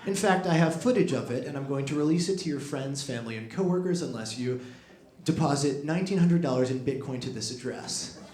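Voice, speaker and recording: A man's voice: medium pitch, expressive, brisk, darkish tone, lightly acted. A man voicing a smug, condescending twelve-year-old scammer, in a roomy club with crowd laughter.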